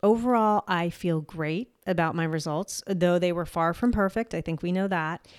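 A woman's voice: fairly low pitch, moderate pace, smooth, no echo, clean studio sound. A young adult woman with a New Jersey accent hosts a solo podcast, talking candidly and casually, swearing lightly and laughing at herself. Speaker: podcast host. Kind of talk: solo health podcast monologue.

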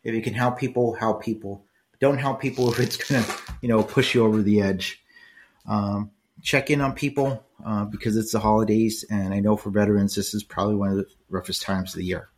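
An older man hosts a solo podcast in a lowish, fairly even, slightly mellow voice, talking a little fast. He's casual and rambling, full of fillers and frequently checking in with "right?"

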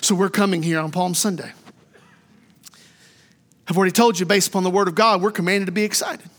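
High bright preacher guy, fired up, big church echo. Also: steady tone, brisk. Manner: fervent preaching, rising to shouts then dropping low. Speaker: pastor. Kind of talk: sermon. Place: church sanctuary.

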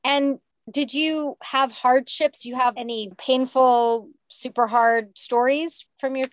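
A woman's voice: high-pitched, fairly even intonation, takes it slowly, dry recording. A woman hosting an interview, chatty and open in her reactions. Her voice sits in a middle range and sounds dry, with no room around it. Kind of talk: casual interview.

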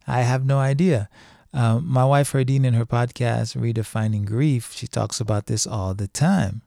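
A man's voice: medium pitch, fairly even intonation, moderate pace, gravelly, dark tone, dry recording, clean studio sound. A middle-aged man speaking in a casual, emphatic monologue, repeating phrases for stress as a podcast host.

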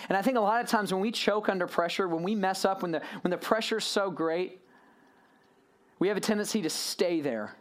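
Man, sermon, animated storytelling, big pitch swings, addressing a congregation. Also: moderate pace. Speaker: preacher.

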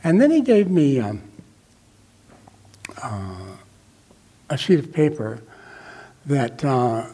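A man's voice: mid-range voice, huge pitch swings, slow pace, long pauses, dark tone, husky. An older man telling his recovery story to a group, rambling and reflective with many fillers and restarts. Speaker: recovery meeting speaker. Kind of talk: personal testimony to a group.

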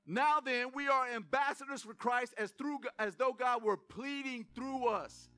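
Male pastor, very high and bright voice, fired-up sermon delivery, calls out to the congregation. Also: a little slow, hardly any pauses. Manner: fired-up, addresses congregation directly, emphatic repetition. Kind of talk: energetic sermon. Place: church sanctuary.

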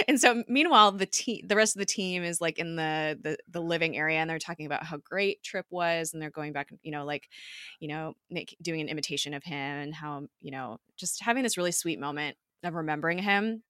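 A woman co-hosts a casual recap podcast, talking in a chatty, filler-heavy way and acting out bits of dialogue. Her voice is bright and forward, a little lower in pitch than most women's, and recorded dry and close with no room sound. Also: normal speed, no echo. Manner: chatty, many fillers, animated retelling with quoted dialogue. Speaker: podcast co-host.

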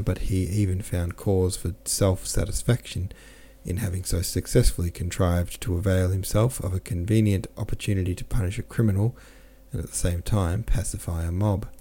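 A man narrates a classic novel in a low, mellow voice. He reads at a steady, unhurried pace and calmly corrects the odd slip. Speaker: audiobook narrator. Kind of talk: scripted narration.

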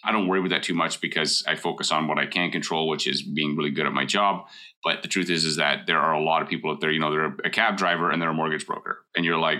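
Middle-aged man, very deep and bright-toned, casual advice talk, emphatic and direct. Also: steady tone, fast. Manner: blunt, emphatic, repeats key points. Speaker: mortgage broker.

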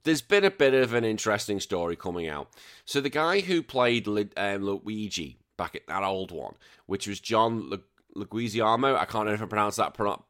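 A man's voice: lowish voice, animated, normal speed, a bit bright. A man hosting a podcast, giving his opinions in a casual solo ranting commentary with lots of restarts. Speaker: podcast host.

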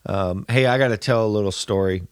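A man's voice: lowish voice, fairly quick, clean tone, no echo, studio quality. A man in his sixties hosting a casual chat, teasing the others and laughing often. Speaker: host.

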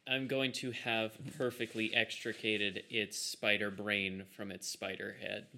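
Dude playing a rogue at the table, bright sharp voice, goofing around. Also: male voice, fairly low pitch, level tone, unhurried, vocal fry. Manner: playful, jokey. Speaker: player. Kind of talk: tabletop game play.

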